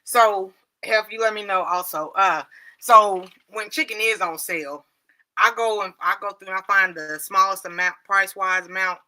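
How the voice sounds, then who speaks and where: A middle-aged woman hosts a relaxed livestream chat. Her voice is very bright and her pitch sits in the middle. She laughs often and answers viewer comments as she goes. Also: normal speed. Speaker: livestream host.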